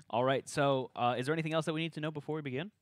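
A man's voice: a little high, steady tone, rapid-fire, a little hiss or hum. A man reading the narration at a tabletop game table read and joking with the other players.

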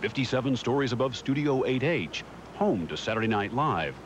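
A man's voice: mid-range voice, expressive, moderate pace, slight background noise, rough recording. A man narrating and interviewing as a TV news magazine correspondent, with a polished broadcast delivery.

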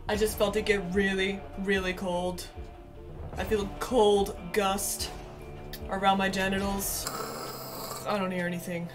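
A woman's voice: mid-range voice, level tone, unhurried, pauses often, over music, natural voice. A woman playing a swaggering, crude male ghost hunter who panics easily, in a comedy sketch. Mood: brash. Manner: brash, crude, panicky outbursts.

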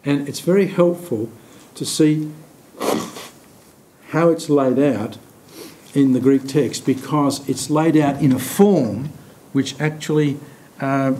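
A man leading a Bible study. He explains scripture with many pauses and restarts, and slows down to stress key words. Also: mellow. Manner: thoughtful, halting, with many fillers and restarts. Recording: echoey room with faint rumble.

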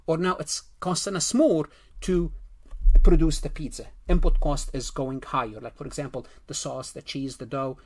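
A man giving a recorded exam-prep economics lecture, repeating himself and asking rhetorical questions. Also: fairly high pitch. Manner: repetitive, rhetorical questions, self-corrections. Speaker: accounting lecturer.

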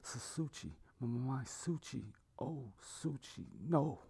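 A man's voice: fairly low pitch, fairly even intonation, moderate pace, lightly acted. A man voicing a grieving male salesman who swears revenge, his lines dropping into choked whispers. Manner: breaks into choked, quiet sobbing whispers.

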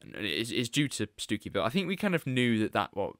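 A man's voice: medium pitch, very animated, fairly quick, a bit bright, no echo, clean studio sound. A British man hosting a podcast in casual chat, laughing often and restarting his sentences. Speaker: podcast host.

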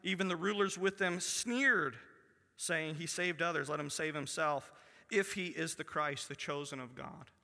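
A man's voice: on the high side, normal speed, gravelly. Man preaching a sermon in a reverberant church. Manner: reads scripture aloud, dropping to a hushed voice for emphasis. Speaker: pastor. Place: church sanctuary. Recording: long church hall reverb.

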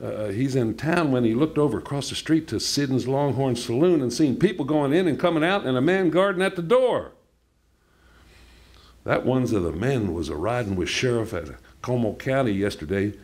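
A man's voice: mid-range voice, expressive, normal speed, darkish tone, voice pushed up, lightly acted. A man voicing a wary, blunt cowboy outlaw, in a folksy drawl with stammered restarts.

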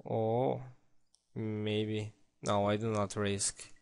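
A man's voice: fairly low pitch, flat delivery, extremely slow, vocal fry, a little mellow, clean tone. A man giving casual game commentary, playful, exclaiming and talking to himself as he plays. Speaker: let's play gamer.

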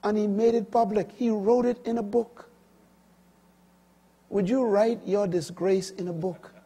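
A man in his fifties preaching a sermon, emphatic, moving between loud declarations and quiet asides. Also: sits high, steady tone, unhurried, breathy edge.

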